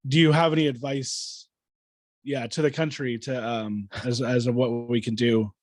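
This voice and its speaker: A man's voice: mid-range voice, steady tone, normal speed, no room sound. A man hosting a casual podcast, asking long, hesitant questions full of fillers. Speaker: podcast host.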